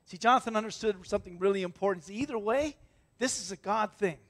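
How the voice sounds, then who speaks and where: Pastor, male, high-pitched, animated sermon delivery with acted-out voices, loud-to-hushed swings. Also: fast. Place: church.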